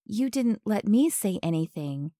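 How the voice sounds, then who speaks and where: A woman's voice: medium pitch, very animated, unhurried, warm tone, dry recording, clean studio sound. A woman voicing a shy but earnest young woman, hesitant and heartfelt.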